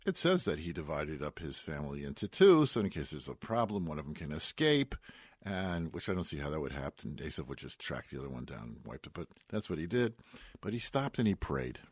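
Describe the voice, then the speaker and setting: A man's voice: a bass voice, very animated, a little fast, slightly rough, no room sound. A man giving a sermon on the weekly Bible portion, telling it as a story with folksy asides and Hebrew words mixed in. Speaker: rabbi giving a weekly Torah talk.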